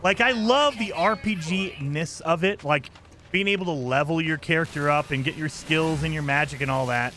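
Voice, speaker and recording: A man's voice: on the high side, normal speed, pushed and bright, faint music behind. A man hosting a game live stream, chatting casually and enthusiastically in a rambling way and thanking viewers for gifted memberships.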